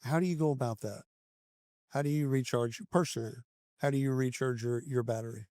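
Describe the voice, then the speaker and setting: A man hosting a casual podcast interview at a conference, mid-pitched and upbeat. He encourages his guest and asks quick follow-up questions. The sound is dry and close, with almost no room echo. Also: a little mellow. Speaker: podcast host. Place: conference venue.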